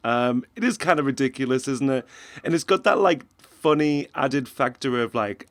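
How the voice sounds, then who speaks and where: A sarcastic man talks through a reaction commentary, chuckling at his own jabs and keeping things loose. His voice sits at an ordinary pitch and is recorded close and dry, with no room sound at all. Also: moderate pace, no echo. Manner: sarcastic, laughs often between remarks. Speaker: commentary host.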